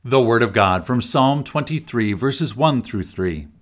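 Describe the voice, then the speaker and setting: A middle-aged man reading a scripted daily devotional in a slow, earnest way. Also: mid-range voice. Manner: slow, earnest reading with expressive rises and falls. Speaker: devotional speaker.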